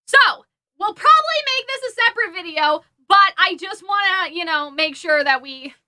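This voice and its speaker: Very high, bright-voiced woman host. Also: expressive, normal speed. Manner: chatty, filler-heavy, thinks aloud. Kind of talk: casual livestream discussion.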